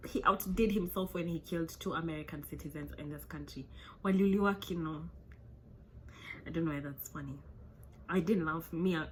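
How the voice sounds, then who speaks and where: A woman's voice: fairly low pitch, a bit bright, slight background noise. A woman, a vlogger telling a true crime story in a chatty, joking way with many asides.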